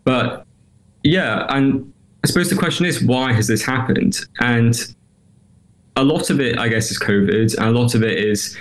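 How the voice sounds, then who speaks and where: A man's voice: medium pitch, moderate pace. A young man in his twenties, a student guest on a radio show, speaking thoughtfully with many hedges. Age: 20s. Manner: thoughtful, hedging with you know and I guess. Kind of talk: radio interview.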